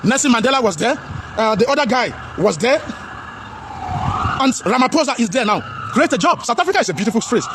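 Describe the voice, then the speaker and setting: A man with a Nigerian accent giving a loud, preachy vlog commentary. He addresses viewers as his brothers, repeats himself and mixes English with Pidgin. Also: very high-pitched, big pitch swings, fast talker, pauses often, noisy background.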